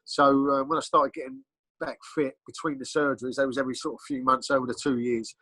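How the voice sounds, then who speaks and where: A man's voice: medium pitch, flat delivery, fast talker, bright, forceful tone, slightly rough, no room sound, rough recording. A middle-aged Englishman, telling rambling, blunt stories as a podcast guest, full of ums and restarts. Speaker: podcast guest, former bodyguard. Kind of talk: casual storytelling interview.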